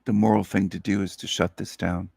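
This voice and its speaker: A man talking slowly and earnestly in a solo monologue, sleepy after a night awake, repeating his phrases. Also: low voice, flat delivery, creaky, darkish tone, husky, no echo, clean studio sound. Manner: slow, earnest, repetitive phrasing. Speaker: channel host.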